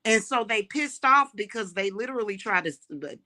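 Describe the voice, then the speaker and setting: Woman streamer, bright and edgy voice, fiery profane rant, stumbles over repeated words. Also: mid-range voice, animated, normal speed. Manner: profane, heated, repeats words when worked up; addresses viewers as y'all. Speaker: livestream host. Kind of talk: casual ranting livestream.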